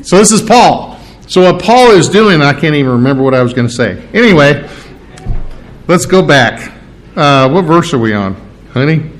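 Middle-aged male pastor, slightly high voice, casual verse-by-verse sermon with emphatic repetition. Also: big pitch swings, moderate pace. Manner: conversational, with restarts and asides; emphatic on repeated phrases. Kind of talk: sermon, verse-by-verse Bible teaching.

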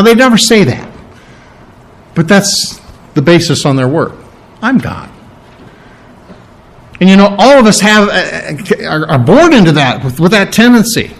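A man preaching a sermon, animated and playing out quoted voices as he teaches. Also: fairly high pitch, rough recording. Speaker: pastor.

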